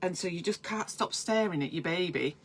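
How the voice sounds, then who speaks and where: A woman's voice: fairly low pitch, normal speed, slightly rough. A woman midwife, giving chatty, encouraging advice in a casual live stream and talking straight to her viewers.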